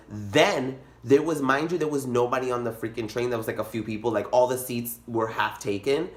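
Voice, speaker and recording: A young man telling a comic story in a vlog, animated and dramatic, jumping into high squeals. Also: moderate pace. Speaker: vlogger. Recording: echoey room.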